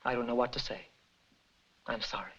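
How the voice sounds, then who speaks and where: An actor playing a troubled parson speaking softly and haltingly, apologetic, on an old lo-fi film soundtrack. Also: male voice, medium pitch, fairly even intonation, natural voice. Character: troubled hesitant male parson.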